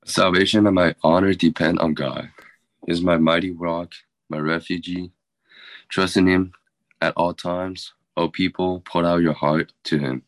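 A man reads scripture aloud in a low, steady, flat voice. The sound is dry and close. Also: measured pace, no echo.

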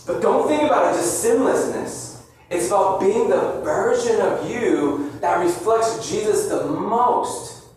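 A man's voice: high voice, unhurried, a little mellow. A middle-aged male pastor preaching a sermon, telling a story casually with slang and restarts. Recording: roomy echo heard from a distance.

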